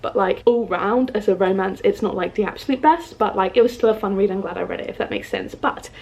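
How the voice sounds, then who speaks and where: Talking fast in a mid-range, somewhat mellow voice, this UK book vlogger in her twenties addresses the camera casually from a home room with a bookshelf behind her. Her delivery is bubbly and chatty, dotted with plenty of "like" and "um."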